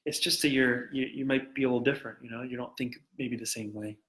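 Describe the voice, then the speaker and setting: A man, a guest artist and animator, chatting casually on a live stream, with many halting restarts. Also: mid-range voice, steady tone, a bit bright, low-quality recording. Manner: halting, restarts often, easygoing.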